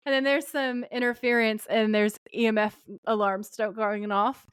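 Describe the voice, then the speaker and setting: A woman's voice: fairly high pitch, moderate pace, clear, resonant tone, no echo, studio quality. A woman co-hosting a podcast, recapping an episode in casual chat and acting out characters' lines. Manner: animated, quoting characters in voices. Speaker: podcast co-host.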